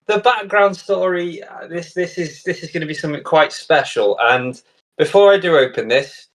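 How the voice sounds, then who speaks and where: A man's voice: fairly high pitch, moderate pace. A man hosting a casual live stream, earnestly chatting to viewers as he opens a gift. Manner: earnest, chatty, talks to viewers while unboxing. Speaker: show host. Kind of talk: casual livestream chat. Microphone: camera on a tripod.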